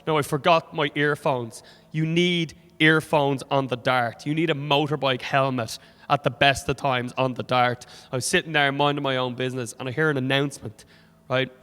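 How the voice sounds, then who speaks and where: A man's voice: mid-range voice, fairly even intonation, moderate pace, a bit bright. A young Irish man doing stand-up comedy in a club, sardonic and full of swearing, with an Irish accent. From Ireland. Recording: hall reverb from a club stage.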